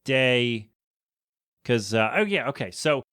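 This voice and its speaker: A man's voice: mid-range voice, expressive, slow pace, a bit bright, clean tone, no room sound. A man with a mid-range voice hosts a podcast, recapping a movie in a loose, chatty way. He keeps throwing out rhetorical questions and exasperated asides. His voice sits close to a podcast mic in a dry, dead-sounding space. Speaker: podcast host. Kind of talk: casual movie review.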